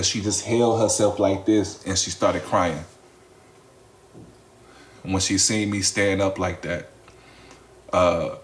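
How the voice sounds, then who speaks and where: A man casually telling his followers a personal story, repeating phrases, talking straight to the audience and swearing freely. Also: on the low side.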